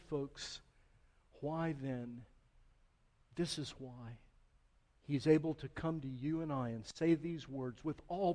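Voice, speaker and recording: Male pastor preaching slowly and deliberately, higher-pitched voice, long hall reverb. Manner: builds from quiet, slow phrasing to loud, impassioned preaching. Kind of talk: sermon.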